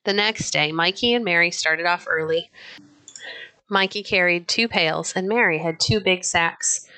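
Bright-voiced woman reading a storybook. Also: lowish voice, unhurried. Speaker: audiobook narrator. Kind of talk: reading a children's novel aloud.

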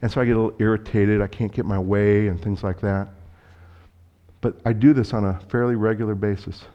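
A man preaching a sermon as a pastor, telling stories in a conversational way and acting out dialogue with sudden loud bursts. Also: on the low side, steady tone, fairly quick, highs cut off. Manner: conversational, speaks directly to the congregation.

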